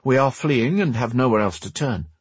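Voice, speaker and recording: A man voicing a calm, polite young princess who speaks in a formal, measured way. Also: medium pitch, breathy edge, dry recording, pitched above the performer's own voice. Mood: earnest.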